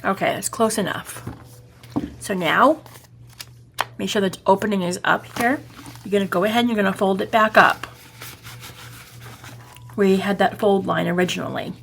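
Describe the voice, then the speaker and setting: A woman with a Boston accent talks through a crafting project at home in a relaxed, rambling way. Her mid-range voice has a gravelly edge, and she keeps checking that her viewers are following. A faint hiss sits under the recording. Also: medium pitch, moderate pace, pauses often. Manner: chatty, rambling, self-correcting, often checking the viewer follows. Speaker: craft tutorial host. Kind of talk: casual step-by-step crafting tutorial.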